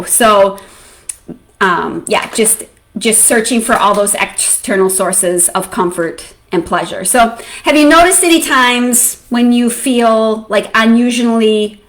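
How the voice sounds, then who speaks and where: A woman coach for mothers gives an educational talk to camera. Her voice sits a bit high and stays conversational. She keeps checking in with her listeners. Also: a bit bright.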